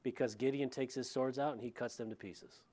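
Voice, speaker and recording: A middle-aged pastor delivers an expository sermon verse by verse in a conversational style, retelling vividly and making asides to the congregation. His voice is medium-pitched and his pace brisk.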